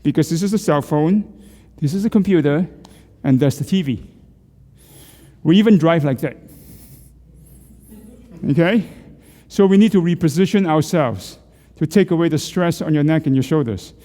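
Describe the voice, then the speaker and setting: A man's voice: on the high side, normal speed, mellow, in a large hall. A middle-aged man leading a group through neck exercises. He coaches, asks questions and jokes with the class. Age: middle-aged or older. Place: church hall.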